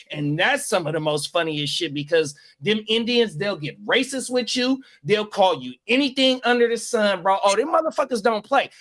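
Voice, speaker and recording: A male podcast host with a high-pitched voice, chatting loosely. His talk is full of slang and cursing, and he stays animated throughout. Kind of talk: casual chat.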